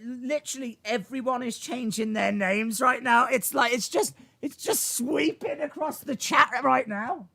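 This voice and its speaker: A man hosting a live stream, reacting excitedly to chat, shouting and laughing. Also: extremely high pitch, a little slow, gravelly, hardly any pauses. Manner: animated, shouts and laughs reading chat names.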